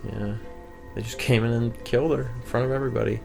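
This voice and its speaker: A man's voice: mid-range voice, fast talker, vocal fry. A young man giving casual, joking commentary while playing a video game with a friend. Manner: joking, sarcastic, lively voices for quotes. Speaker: let's play co-host. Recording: game music faintly behind.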